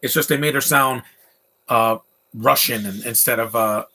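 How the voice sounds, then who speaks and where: A man talks over a film he is watching at home, tossing out strong opinions and wandering asides between fillers. His voice is bright and forward, with a husky, slightly rough edge. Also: medium pitch, moderate pace. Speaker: film commentator. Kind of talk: casual live movie commentary.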